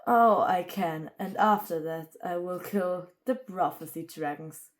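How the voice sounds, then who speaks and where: A woman voicing a cold, murderous female dragon who speaks in low threats. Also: measured pace, lightly acted.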